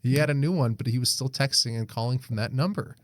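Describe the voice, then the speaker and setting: A man's voice: mid-range voice, fast, no room sound. A young man, co-hosting a podcast in casual chat, reading a Reddit post aloud, swearing freely and laughing often. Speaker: podcast co-host.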